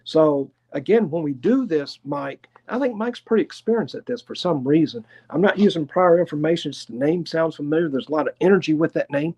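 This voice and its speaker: A man's voice: on the high side, expressive, a little mellow, breathy edge. Chatty Tennessee man giving a reading. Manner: unhurried, chatty, hedging. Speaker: clairvoyant medium. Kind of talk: live spirit reading.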